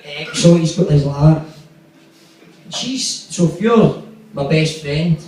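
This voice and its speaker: A man's voice: fairly high pitch, animated, slow, darkish tone. A young man doing stand-up, telling a rambling, sweary story and acting out the quotes. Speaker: stand-up comedian. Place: comedy club stage. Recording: echoey room from far off.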